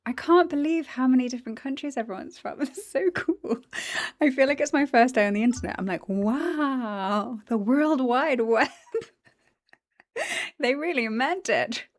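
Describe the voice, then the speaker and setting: A woman's voice: high voice, brisk, no echo. A woman chatting casually on a livestream, greeting viewers, giggling, tired after the gym. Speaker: streamer.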